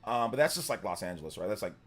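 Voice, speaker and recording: A man's voice: on the low side, big pitch swings, very fast. A man in his forties from Central California, chatting casually on a live stream in a rambling, filler-heavy way. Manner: loud, laughing retelling of stories. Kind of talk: casual live-stream chat, reading donations.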